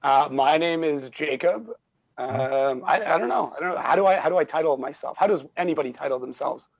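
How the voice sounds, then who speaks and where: Deadpan joking man from Canada. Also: on the high side, brisk. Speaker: call-in guest. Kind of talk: casual livestream chat. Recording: slightly dull lo-fi call audio.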